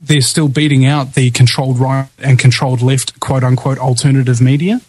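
A man's voice: medium pitch, flat delivery, moderate pace, darkish tone, slightly rough, dry recording, low-quality recording. Male radio host, New Zealand accent, mid-range voice, announcer-style talk with a dramatic touch. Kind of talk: live talk radio chat.

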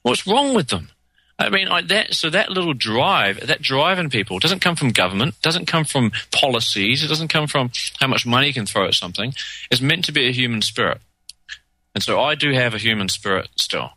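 A man's voice: medium pitch, lively intonation, brisk, bright, forceful tone, no room sound, poor audio. A man in casual chat, ranting emphatically and repeating himself.

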